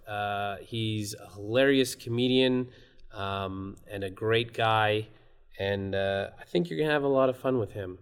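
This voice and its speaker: A man's voice: medium pitch, clear, resonant tone. A man hosting a comedy club podcast, chatting casually and rambling a little. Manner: rambling, reads a review aloud. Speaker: podcast host. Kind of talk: casual chat.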